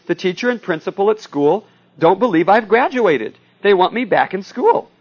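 A man's voice: sits high, sing-song, normal speed, lo-fi sound, voice pushed up. A man reading aloud as a blunt, confident tomboy girl from a comic strip, in a brash, matter-of-fact way. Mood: indignant.

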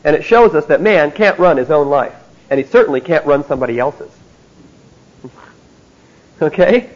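A high-pitched man delivers a classroom theology lecture. He talks in an emphatic way and keeps checking in with his listeners by asking "see?". The recording sounds dull and lo-fi. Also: lively intonation, normal speed. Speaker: Bible teacher.

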